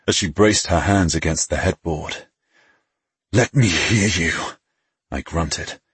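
A man narrating a first-person audiobook, reading in an intimate, unhurried way. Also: sits low, slightly rough, no room sound.

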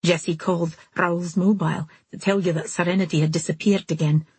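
A calm, steady young man tells what happened in a gentle, earnest way, read by a woman. The voice sits low and soft with a breathy edge. The audiobook recording is close and dry. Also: fairly quick, no room sound.

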